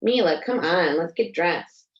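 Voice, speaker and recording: Gruff elderly grandfather, read by a woman; curt, low voice, muffled sound. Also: animated, measured pace.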